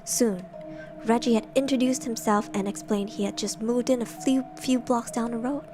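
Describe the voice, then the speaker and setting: A young woman reads a horror story aloud in a soft, hushed semi-ASMR voice, pitched a little high. She breaks off now and then for giggly asides. Faint music plays behind her. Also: fairly even intonation, normal speed. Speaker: streamer reading horror stories.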